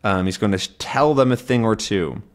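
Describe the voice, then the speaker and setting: A male English teacher explaining a comic to learners in a relaxed way, with many "um"s and "right?"s. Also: fairly low pitch, a little fast. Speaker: English teacher, channel host.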